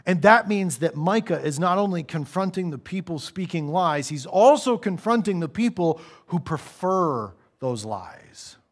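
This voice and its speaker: In a slightly high voice, a man delivers a church sermon conversationally, performing small character voices and dropping his volume for the serious moments.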